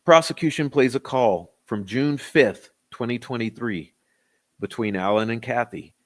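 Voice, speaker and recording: A man's voice: medium pitch, a little slow. A man reading out court testimony and commenting on it with indignant sarcasm. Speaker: true-crime commentator.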